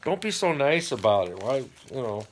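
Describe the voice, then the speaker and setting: A man's voice: mid-range voice, big pitch swings, normal speed, a little hiss or hum. A middle-aged man hosting a home channel, casually recapping a TV dating show with rambling, wry asides. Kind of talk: casual chat.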